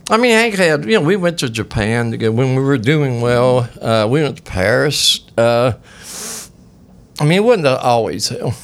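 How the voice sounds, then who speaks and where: A man chatting casually about his old guitar shop, a profane, animated storyteller. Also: mid-range voice, normal speed, vocal fry. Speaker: former guitar shop owner. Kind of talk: casual chat.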